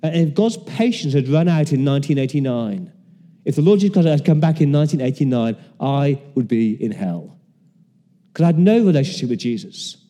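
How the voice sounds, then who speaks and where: A man's voice: mid-range voice, sing-song, fairly quick, warm tone. Fifties male pastor, earnest sermon delivery, echoing hall. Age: 50s. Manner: earnest, repeats words, acts out quoted voices.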